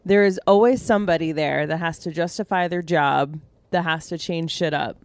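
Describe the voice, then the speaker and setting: A woman guest on a comedy podcast, joking wryly in casual talk. Her voice sits on the low side for a woman. She riffs on job complaints with a dry edge. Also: normal speed.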